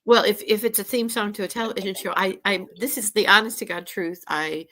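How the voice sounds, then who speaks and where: Woman, co-host, casual chat, rambling reflective anecdotes, mid-range pitch. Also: a little fast, bright, forceful tone. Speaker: co-host, astrologer.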